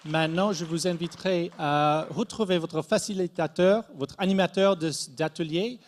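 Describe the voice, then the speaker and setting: A man's voice: fairly high pitch, normal speed. A man hosting a conference, thanking the speaker in a formal, courteous way. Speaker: event host. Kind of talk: formal closing remarks. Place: school conference hall.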